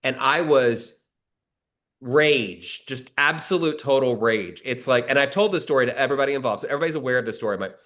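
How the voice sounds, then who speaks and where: A middle-aged man tells a story in a casual interview. His voice is bright and forceful, and he acts out each quoted line with real energy. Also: mid-range voice, racing, few pauses. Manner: animated storyteller, acts out quoted dialogue in a raised voice. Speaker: screenwriter and actor, guest.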